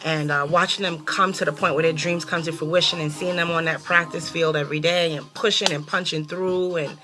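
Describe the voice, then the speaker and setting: A young adult woman from New York hosting her own casual talk show, animated and sassy, cursing freely and laughing often. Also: low-pitched, a little fast, over music. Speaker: host.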